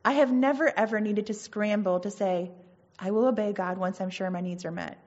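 A woman's voice: medium pitch, fairly even intonation, fairly quick, darkish tone, dull audio. A woman giving an earnest, conversational Christian teaching, with casual asides between points. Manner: earnest, conversational, reads scripture aloud.

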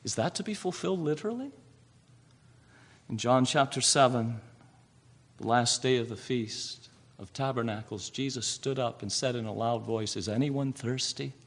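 A man's voice: mid-range voice, moderate pace, long pauses. A man preaching a sermon, asking rhetorical questions and answering them himself.

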